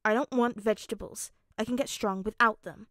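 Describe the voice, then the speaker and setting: A woman's voice: on the high side, steady tone, a little fast, pushed and bright, no echo, clean studio sound. A woman voicing a stubborn, bossy little boy who grumbles and calls others stupid, in a fanfic audiobook reading. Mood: grumpy. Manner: blunt, grumbling, insult-prone.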